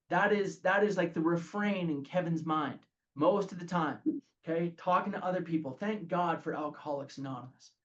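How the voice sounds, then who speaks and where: A man leading a recovery group study in a lively talk, often checking in with "okay?". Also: high-pitched, moderate pace, dull audio. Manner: animated, says "okay?" often.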